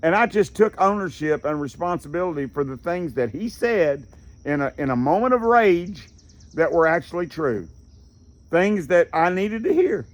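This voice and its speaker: A man speaks in a fairly high, folksy voice, teaching anger control like a casual chat. He loops back with fillers and restarts. Crickets chirp faintly behind him. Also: expressive, normal speed. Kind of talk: casual lecture.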